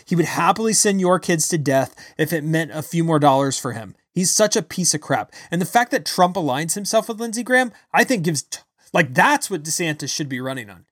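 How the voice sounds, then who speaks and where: A man giving an angry, blunt political rant, loud and insulting as he talks. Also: a little high, no room sound, clean studio sound. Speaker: political commentator. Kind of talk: ranting political commentary.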